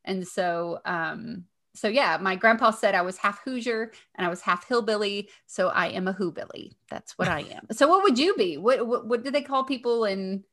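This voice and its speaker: A woman's voice: mid-range voice, moderate pace, fairly bright tone. Joking Southern woman chatting on a podcast. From Indiana, raised in Kentucky. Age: 40s. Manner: chatty and joking, lots of ums and laughs. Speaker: podcast co-host. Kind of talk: casual chat.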